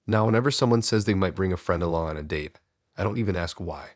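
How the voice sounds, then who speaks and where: A man narrating a first-person horror story in a calm, measured, scripted way. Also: sits low, dry recording, clean studio sound.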